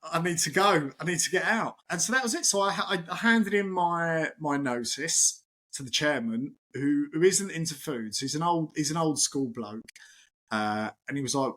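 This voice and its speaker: Middle-aged male chef guest, fairly high voice, lively storyteller who acts out the dialogue. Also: moderate pace. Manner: animated, acts out quotes, many restarts. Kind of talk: casual storytelling chat.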